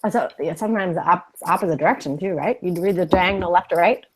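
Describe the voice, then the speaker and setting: A woman's voice: fairly low pitch, fast talker, slightly rough. A woman co-hosting a casual live chat over a video call, playful and joking. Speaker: co-host.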